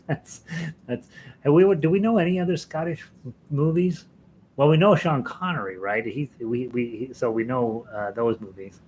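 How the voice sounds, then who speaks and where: A man's voice: mid-range voice, normal speed, a little mellow, slight background noise, low-quality recording. An American man hosting a live ukulele lesson stream, chatting casually with viewers, chuckling often and rambling with fillers and restarts. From United States.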